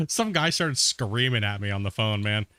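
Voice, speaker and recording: A man casually talking while he streams a game, relaxed and rambling, often laughing. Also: lowish voice, slow, clean tone, dry recording. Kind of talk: casual live-stream commentary.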